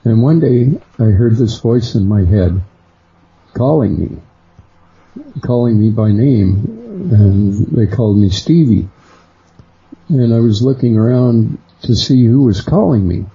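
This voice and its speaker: A middle-aged man, a guest on a radio interview, slowly recounting a personal experience and lifting his voice for the people he quotes. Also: expressive, warm tone, slightly rough. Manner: unhurried storyteller who acts out quoted voices higher. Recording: dull lo-fi sound.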